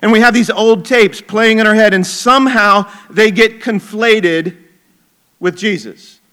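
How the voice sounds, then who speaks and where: Pastor, male, middle-aged; slightly high, bright voice; chatty sermon delivery with emphatic points. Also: measured pace. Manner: conversational, chuckling asides, emphatic.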